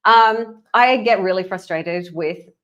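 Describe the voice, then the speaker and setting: An Australian woman hosting a casual solo podcast, chatty and quick to laugh, often mimicking over-the-top replies. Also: mid-range voice, a bit bright, dull audio. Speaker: podcast host.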